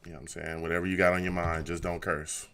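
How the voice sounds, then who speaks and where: A man's voice: low-pitched, level tone, fast, a bit bright. A man hosting a casual call-in fan show, talking loosely, laughing often and sounding fed up with his team. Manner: laughs often, exasperated, repeats phrases. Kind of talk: casual livestream chat.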